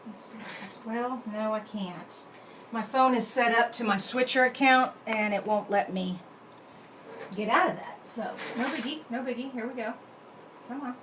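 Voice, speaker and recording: A woman who hosts a card-making channel chats casually on a live stream, talking to herself as she works the computer. Her voice is on the high side and unhurried, recorded in an echoey room with faint background noise.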